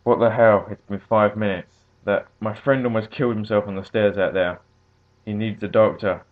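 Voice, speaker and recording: A man reading a story and voicing a loud, panicking male executive who shouts and swears. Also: lowish voice, fairly even intonation, brisk, close to an everyday voice. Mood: angry. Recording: tinny phone-like audio.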